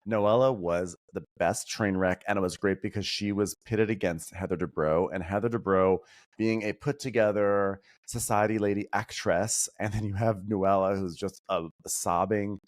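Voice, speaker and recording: A man guesting on a podcast, chatting about reality TV in an animated, opinionated way and mimicking people he quotes. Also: on the low side, normal speed. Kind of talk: casual pop-culture chat.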